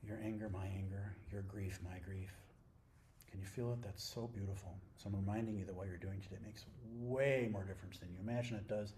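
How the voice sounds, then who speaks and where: A middle-aged man, a Zen teacher, giving a dharma talk at a retreat in an intimate, playful way, dropping to near-whispers and then rising into excited exclamations. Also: on the low side, fairly quick, a little hiss or hum.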